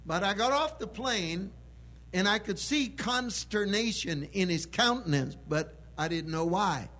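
A man preaching a sermon with emphatic delivery that swells into loud proclamation. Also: high-pitched, expressive, measured pace.

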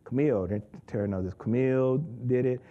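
A man giving an excitable testimony in church, laughing often and repeating his words as he tells the story. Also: mid-range voice, a little fast, phone-quality sound.

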